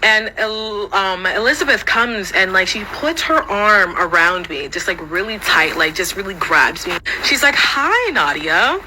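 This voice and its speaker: A young adult woman casually telling a personal story, swearing freely and jumping up high when she quotes people. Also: measured pace, hardly any pauses, background noise. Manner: animated, swearing, jumps into high voices when quoting others.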